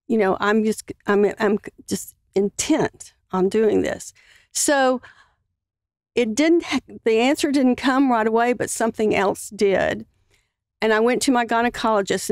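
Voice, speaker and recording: A woman guest on a podcast, earnestly telling a personal story in a halting way with many fillers. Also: on the high side, dry recording, clean studio sound.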